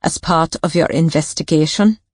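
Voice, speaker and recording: A woman's voice: deep voice, normal speed, a little mellow, breathy edge, no echo, clean studio sound. A woman narrator voicing a guarded, needling female barkeep with a German accent.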